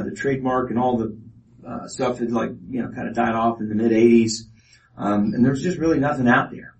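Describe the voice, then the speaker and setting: Halting man speaking from far off. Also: mid-range voice, a little hiss or hum. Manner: halting, many fillers and restarts. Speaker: speaker presenting a ministry project. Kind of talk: informal testimony talk to an audience. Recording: voice from a distance off mic.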